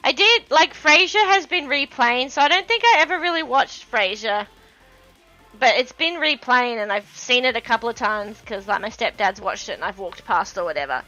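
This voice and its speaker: Chatty Australian woman, bright voice. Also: on the high side, animated, moderate pace, highs cut off, faint music behind. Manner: rambling, chatty, laughs often. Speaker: livestream host. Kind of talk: casual chat while painting.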